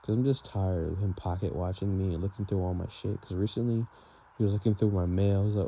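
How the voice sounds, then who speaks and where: A young man vents in a rambling, frustrated monologue, leaning on fillers and "bro". His voice sits low with a gravelly, creaky edge. The recording is dull and lo-fi, with faint hiss underneath. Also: steady tone, brisk. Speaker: vlogger. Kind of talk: venting monologue. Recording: dull lo-fi sound with faint noise.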